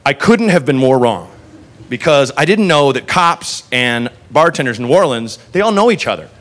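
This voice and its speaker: A man doing stand-up, telling a rambling, profane story in an animated way. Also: medium pitch, moderate pace. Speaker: stand-up comedian.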